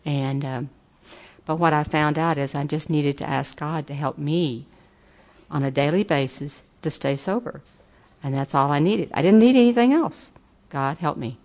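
A woman's voice: deep voice, moderate pace, a little mellow, highs cut off. An older woman giving an earnest, folksy personal testimony at a recovery meeting. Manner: earnest, folksy, turns enthusiastic and laughing.

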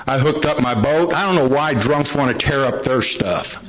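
A man's voice: medium pitch, normal speed, a bit bright. A man telling his recovery story to a meeting, a folksy storyteller who acts out the quotes. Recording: dull lo-fi recording.

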